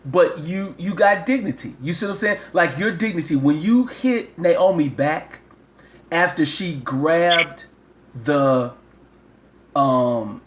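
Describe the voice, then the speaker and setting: A man, a father and show host, rambling through a comic phone call and repeating himself as he lectures. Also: on the high side.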